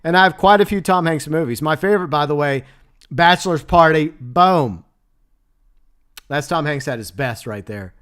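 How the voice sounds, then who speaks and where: Smooth, slightly high-voiced man chatting. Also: fairly quick, a bit bright. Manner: chatty, laughs often, answers chat messages. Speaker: livestream host. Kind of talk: casual livestream chat.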